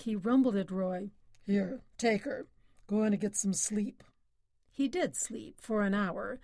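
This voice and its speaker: A woman's voice: mid-range voice, dark tone, no echo. Woman narrating a story, dry close sound. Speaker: audiobook narrator. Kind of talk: scripted narration.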